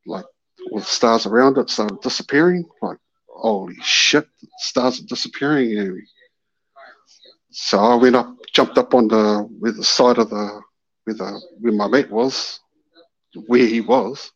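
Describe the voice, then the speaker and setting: Speaking a little slowly in a low, gravelly voice, this male caller spins a casual story and lively impersonates the voices within it, all over dull, lo-fi call-in audio.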